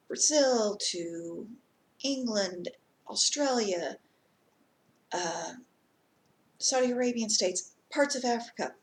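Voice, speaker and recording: Chatty woman vlogger telling a story. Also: medium pitch. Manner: chatty, rambling, many ums. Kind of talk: casual story time.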